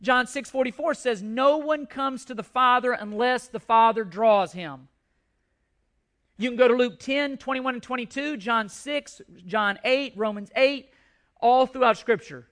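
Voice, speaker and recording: A man's voice: very high voice, a little slow, fairly bright tone. A man preaching a sermon to a congregation, emphatic, repeating and restarting phrases as he drives his points home. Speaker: pastor.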